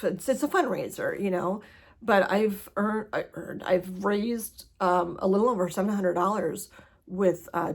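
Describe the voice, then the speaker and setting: A woman chats to camera in a loose, rambling way, stopping often for fillers and small laughs. Her voice sits at a middle pitch with a husky edge, and she talks in a rush as though short on time. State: hurried. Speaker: vlogger sharing her cancer journey. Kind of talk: casual chat to camera.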